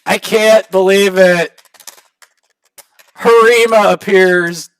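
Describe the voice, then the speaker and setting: A man hosting a gaming channel, casually commenting to viewers as he opens rewards, prone to excited outbursts. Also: high voice, slow pace, clear, resonant tone, no echo. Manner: excitable, talks to viewers while opening rewards.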